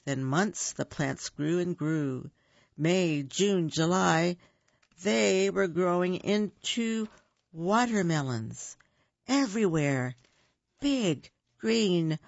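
A storyteller reading a children's picture book aloud in a slow, rhythmic, sing-song way. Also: mid-range voice, vocal fry, no room sound, highs cut off.

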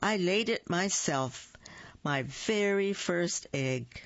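A woman voicing a polite, eager young chicken in a children's storybook, asking gently. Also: on the low side, animated, slow pace, no echo. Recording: dull lo-fi dry recording.

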